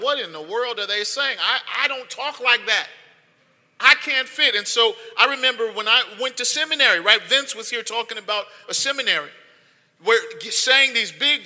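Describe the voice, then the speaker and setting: A man's voice: very high voice, pushed and bright, long reverb tail. A male pastor preaching a sermon, reading scripture, praying, then speaking to the congregation with a preacher's cadence that climbs into emphatic call-outs.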